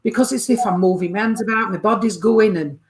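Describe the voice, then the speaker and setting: Speaking at medium pitch and a brisk pace, this woman is a spiritualist medium in the middle of a chatty reading. She uses warm names like darling and sweetheart and repeatedly asks the sitter if they understand.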